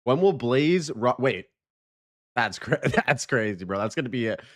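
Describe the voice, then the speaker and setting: A male streamer in casual live chat, joking and rambling as he greets viewers. His voice has a mid pitch and swings widely in intonation. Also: measured pace. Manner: animated, joking, chatty.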